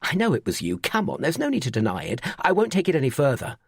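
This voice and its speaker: A man's voice: mid-range voice, wildly swooping pitch, quick pace, vocal fry, breathy edge, dry recording, studio quality, voice pushed up, full character voice. A man voicing an anxious, insistent young husband in an audiobook, speaking raised and urgent. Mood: pressing. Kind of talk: audiobook character voice.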